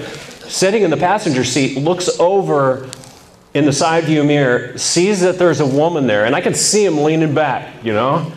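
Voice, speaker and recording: A middle-aged man telling a humorous personal story to a men's group, with lively, animated delivery. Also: on the high side. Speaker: speaker at a men's ministry event. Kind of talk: storytelling talk.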